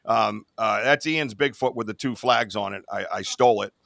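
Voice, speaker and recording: A man's voice: fairly low pitch, moderate pace, creaky, a bit bright, no echo, studio quality. A man hosting a podcast in casual chat, rambling with lots of "you know what I mean.". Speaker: podcast host.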